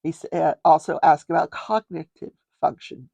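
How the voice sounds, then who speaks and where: A woman's voice: low-pitched, steady tone, normal speed, creaky, warm tone, breathy edge, no echo. An older woman hosting a casual show, chatting her way through a trial recap and wandering off to talk about her crafts. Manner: chatty, digressive, explains legal terms plainly. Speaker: host.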